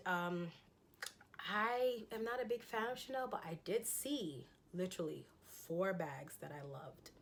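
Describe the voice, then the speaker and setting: Chatty woman with a lowish voice. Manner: chatty and enthusiastic, frequent ums and laughs. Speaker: fashion haul vlogger. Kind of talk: casual haul chat showing items.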